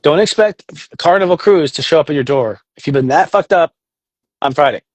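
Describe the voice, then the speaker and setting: A man talking casually as a guest on a podcast, animated, often acting out inner voices in quotes and swearing now and then. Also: fairly high pitch, brisk, no room sound. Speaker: astrologer guest.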